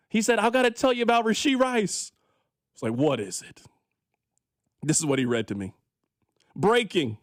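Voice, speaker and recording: A sports radio host with a high, lively man's voice. He rants in an animated, exasperated way. The sound is close and dry, straight from a studio mic. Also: dry recording. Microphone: studio microphone.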